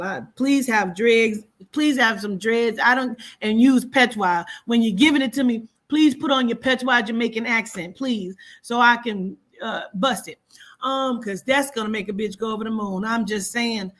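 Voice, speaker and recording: A woman's voice: a little high, a bit bright. A woman giving a casual astrology reading, talking to viewers in a chatty, playful, profane way. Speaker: horoscope reader.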